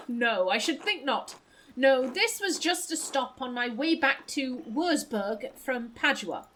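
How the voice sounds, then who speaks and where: A woman's voice: high-pitched, animated, very slow, sharp tone, slight background noise, exaggerated voice, low-quality recording. A woman voicing a courteous male traveling musician in a posh, formal way, for a narrative video game.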